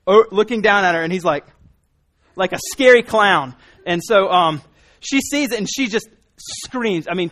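Chatty high-voiced male preacher. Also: a bit bright. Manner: conversational storytelling with frequent restarts. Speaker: pastor. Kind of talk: sermon.

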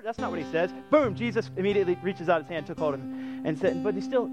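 A man preaching a sermon in an animated way, acting out the quoted lines of the story. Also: high-pitched, quick pace, loud music behind the voice. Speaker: pastor.

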